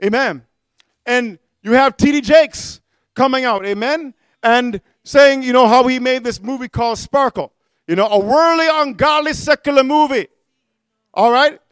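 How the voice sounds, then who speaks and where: A man preaching a fiery sermon, calling out amen and hallelujah and shouting at his peaks. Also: very high-pitched, normal speed, smooth, dry recording, clean studio sound. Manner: mocks quoted figures in singsong voices.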